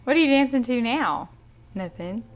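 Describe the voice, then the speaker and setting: A woman's voice: a little high, expressive, normal speed. A young mother talking baby talk to her toddler at home, coaxing and playful, recorded on a handheld camcorder. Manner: sing-song, coaxing.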